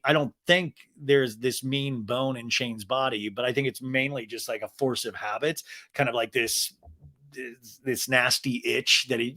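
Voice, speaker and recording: A young adult man hosting a podcast, recapping a reality TV episode in casual comedic style and quoting the cast in quick voices. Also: medium pitch. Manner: animated, quotes cast members in quick acted snippets.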